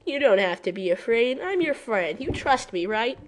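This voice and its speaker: A woman's voice: a little high, animated, moderate pace, natural voice. A woman voicing an eager, bookish female pony scientist who talks in a coaxing, overly cheerful way in a cartoon fan story.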